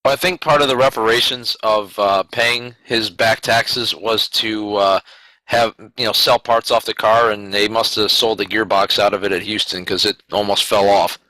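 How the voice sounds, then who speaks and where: Bright-voiced wisecracking guy. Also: lowish voice, fairly even intonation, moderate pace, no echo, rough recording. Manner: sarcastic, wisecracking. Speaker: podcast co-host. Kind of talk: casual promo chat.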